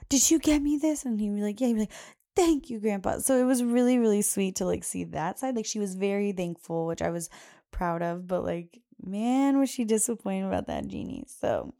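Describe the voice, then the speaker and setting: A woman's voice: medium pitch, gravelly, mellow. A young adult woman hosting a podcast, telling a casual story and quoting her little daughter in a raised voice. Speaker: podcast host.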